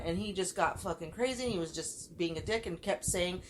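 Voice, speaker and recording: A woman's voice: medium pitch, moderate pace, few pauses, a bit bright, a little hiss or hum, low-quality recording. A woman co-hosting a podcast, telling a story in casual chat with heated, profane delivery. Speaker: podcast co-host.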